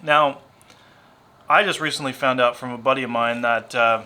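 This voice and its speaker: A man's voice: mid-range voice, steady tone, moderate pace, sharp tone. A married man with a Southern US accent, chatting casually about his diecast car collection, rambling and self-deprecating and going off on tangents. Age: adult, married. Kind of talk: casual chat.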